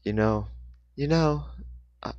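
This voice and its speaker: A man's voice: mid-range voice, slow pace, a little mellow, dry recording, muffled recording, voice pushed up, lightly acted. A man voicing a determined mother in a storybook. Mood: firm. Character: woman, mother, steady and determined.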